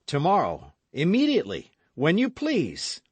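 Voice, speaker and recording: A man's voice: mid-range voice, very animated, measured pace, dry recording, voice pushed up. Man doing D'Artagnan, an ardent young swordsman. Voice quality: impassioned, exclaiming. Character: ardent young male swordsman, passionate and rash.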